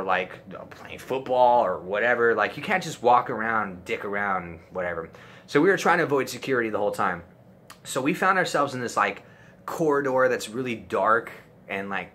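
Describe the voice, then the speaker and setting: A young man with a sharp, bright voice tells a crude story in an animated, profanity-heavy storytime style. Faint room hiss sits under his voice. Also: medium pitch. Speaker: storytime YouTuber. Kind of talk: casual storytime.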